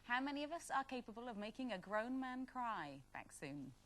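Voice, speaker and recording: A woman hosting a live panel chat show, giving brisk, upbeat links between segments. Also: on the high side, very animated. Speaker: talk show host. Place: TV studio. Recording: studio with loud audience noise.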